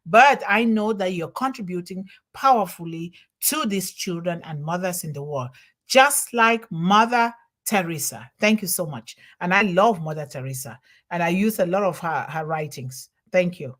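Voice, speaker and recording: A woman who isn't a native English speaker hosts a live online show from home, streaming over the internet. She thanks viewers individually by name and reads their comments aloud. Her voice is lowish, expressive and fairly bright, at a moderate pace.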